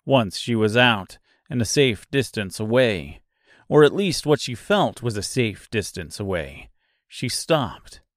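A man narrating an audiobook in a deliberate storytelling manner. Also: mid-range voice, very animated, dry recording, studio quality.

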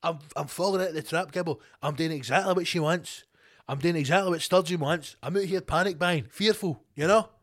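A middle-aged Scottish man ranting on his own show, his voice sitting a bit higher than most men's. He swears freely and drifts from tangent to tangent. He tells his stories with lively, animated energy. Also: fairly quick. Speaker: podcast host. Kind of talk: casual solo rant.

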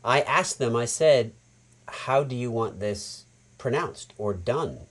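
Animated American voice actor chatting. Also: male voice, medium pitch, slow pace. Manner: animated storyteller, acts out quotes. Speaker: voice actor guest. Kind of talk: casual podcast chat.

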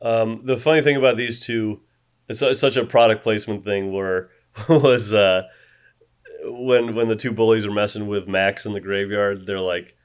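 Rambling man with a lowish voice. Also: steady tone, normal speed, clean tone. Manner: rambling, laughs often, fillers. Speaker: podcast co-host. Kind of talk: casual comedic chat.

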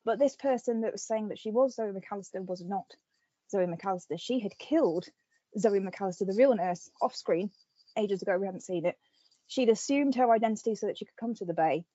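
Animated woman podcaster recapping a plot. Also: mid-range voice, brisk, no echo, lo-fi sound. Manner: animated storytelling with lots of fillers. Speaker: podcast host. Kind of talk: casual chat.

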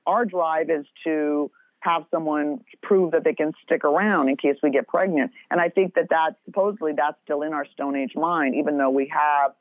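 A woman's voice: deep voice, fairly even intonation, moderate pace, no room sound. A middle-aged woman in casual podcast chat, talking bluntly with lots of swearing and rambling asides. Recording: tinny phone-like sound.

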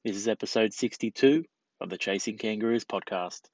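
A man's voice: on the low side, brisk, no room sound, highs cut off. A man hosting a sports podcast in a casual, enthusiastic, friendly way. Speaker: podcast host.

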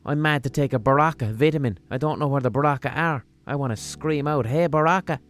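A man's voice: medium pitch, fast, soft background music. Profane Limerick man rambling comically. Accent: Limerick Irish. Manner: rambling, profane and deadpan-humorous. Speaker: podcast host. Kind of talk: casual comic monologue.

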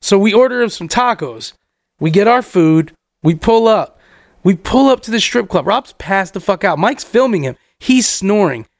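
A man co-hosting a podcast, telling a profane story in a casual, animated way and acting out his friends' lines. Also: high-pitched, moderate pace, dry recording, clean studio sound.

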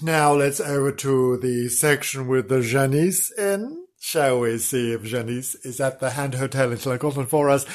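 A man's voice: mid-range voice, a little slow, hardly any pauses. A man hosting a comedy podcast who tells ghost stories in a theatrical, playful way, full of innuendo and asides. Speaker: podcast host. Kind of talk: comedic ghost-story telling.

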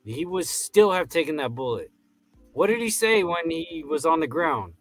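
A man co-hosting a podcast, making his case in measured casual chat. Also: fairly high pitch, very animated, faint music behind. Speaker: podcast co-host.

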